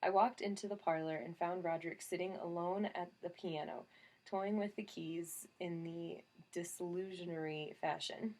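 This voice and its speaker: A woman's voice: on the low side, fairly even intonation, moderate pace, darkish tone. A woman narrating an audiobook in a wry first-person storytelling manner. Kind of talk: scripted narration.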